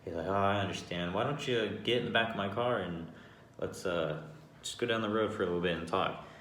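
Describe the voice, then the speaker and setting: A man with a low, deep voice tells a personal story casually and with lots of swearing. He often stops and restarts his sentences. The voice bounces around an echoey room, with a faint hiss underneath. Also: a little fast. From Arizona, United States. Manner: profane, animated, with frequent restarts.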